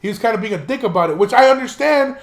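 A man's voice: very high voice, expressive, very fast, echoey room. A young man hosting a podcast, telling a rambling, profane story in a casual monologue and laughing now and then. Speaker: podcast host.

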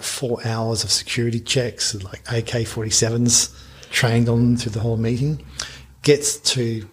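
A man, a business founder telling a long anecdote in a podcast interview, lively and full of restarts. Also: mid-range voice, slightly rough. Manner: animated anecdote telling with frequent restarts and laughs.

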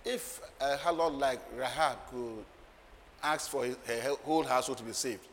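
A man preaching a sermon, moving from quiet asides to loud, laughing declarations. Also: mid-range voice, normal speed. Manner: emphatic, swings from soft asides to loud declarations, laughs often. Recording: long hall reverb, faint ambient noise.

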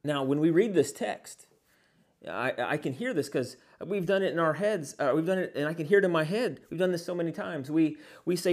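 A man teaching as a pastor in an earnest sermon, pausing often on fillers and posing many rhetorical questions. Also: on the high side.

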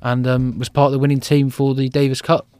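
A man's voice: mid-range voice, flat delivery, brisk, a little mellow, clear, resonant tone, dry recording. A man co-hosting a casual sports podcast, blunt and opinionated, laughing easily.

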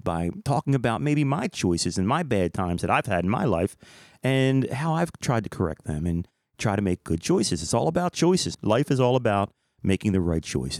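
Male host, low voice, enthusiastic casual commentary, dry sound. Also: a little mellow, no room sound. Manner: enthusiastic, admiring. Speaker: podcast host.

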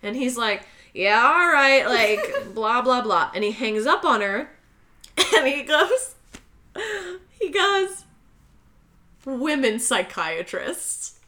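A young woman co-hosting a casual podcast, animatedly recapping a film plot and acting out the characters' lines in high, loud voices. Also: lively intonation, slow. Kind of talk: casual chat.

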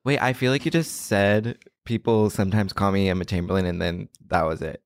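Low gravelly young man, casual and rambling. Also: a little fast, dry recording, clean studio sound. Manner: relaxed, rambling with many likes and restarts. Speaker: guest. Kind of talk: casual podcast chat.

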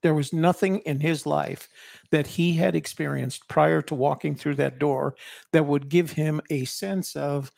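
An older man talks through a casual chat in a rambling, reflective way, often restarting his sentences. His voice is gravelly and sits a little high for a man. The sound is dry, with no room echo. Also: steady tone, measured pace, a little mellow. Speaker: co-host and author.

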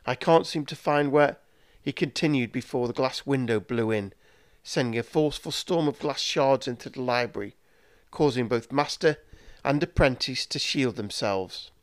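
Male storybook narrator, measured delivery, dry close sound. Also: mid-range voice, no echo.

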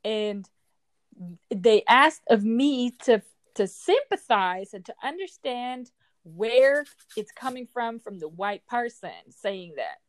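A woman in her forties speaking in an emotional personal monologue, heated and frustrated, with forceful outbursts. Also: fairly high pitch, lively intonation, slow pace, dry recording. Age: 40s.

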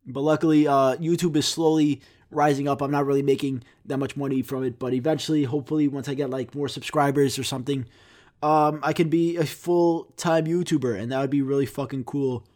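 A man's voice: medium pitch, fairly even intonation, brisk, darkish tone. A young man hosting a podcast, answering viewer comments in rambling, profane, jokey casual chat. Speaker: podcast host.

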